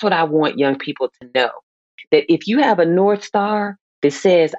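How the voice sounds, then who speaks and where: A woman's voice: fairly low pitch, normal speed, a little mellow, dry recording. Middle-aged woman, guest expert, impassioned and preacherly, dull close recording. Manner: passionate, emphatic, preacherly rises. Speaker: guest psychologist. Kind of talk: heartfelt podcast conversation.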